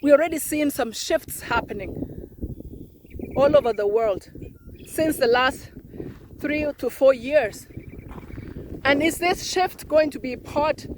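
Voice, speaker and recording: A high, bright-pitched woman from Africa talks straight to camera in an opinion vlog. She is middle-aged and emphatic, and her delivery is fervent as she builds her case point by point. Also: slight background noise. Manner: impassioned, emphatic, counting off numbered points. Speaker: vlogger.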